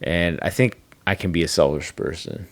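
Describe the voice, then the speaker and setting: Low-voiced guy in his 30s, podcast chat, blunt and swears a lot, acts out what people said. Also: moderate pace, no echo. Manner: candid, swearing, acts out quoted dialogue. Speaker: podcast co-host. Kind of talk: casual chat.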